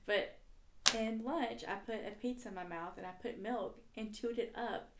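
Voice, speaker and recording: Animated woman in an echoey room. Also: on the high side, normal speed. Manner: animated storytelling. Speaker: podcast guest. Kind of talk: casual podcast chat. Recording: echoey room with faint hum.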